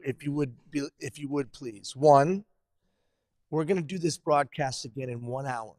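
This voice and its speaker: A man's voice: mid-range voice, normal speed, a little mellow, dry recording, studio quality. Upbeat male webcast host. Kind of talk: live webcast hosting.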